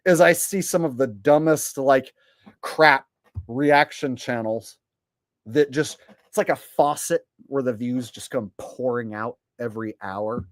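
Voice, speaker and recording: A man's voice: medium pitch, measured pace, no echo, clean studio sound. Profane ranting male streamer. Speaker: streamer host. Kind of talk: casual live stream rant.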